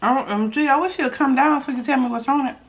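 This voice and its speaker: A fast-talking woman with a high voice hosts a laid-back mukbang vlog. She's chatty and animated, humming as she savors each bite and calling out to her viewers.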